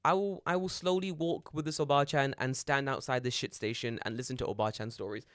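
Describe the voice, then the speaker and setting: A young man, a podcast co-host, telling an animated story in casual chat and swearing freely. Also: medium pitch, fairly quick, no echo, clean studio sound. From Britain.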